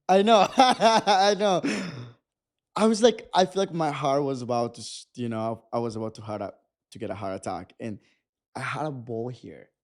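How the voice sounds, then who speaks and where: A man's voice: medium pitch, moderate pace. A man, a guest telling a personal story in a casual interview, acting out what people said. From Mexico. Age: 20s. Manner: animated storytelling, acting out dialogue. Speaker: guest photographer.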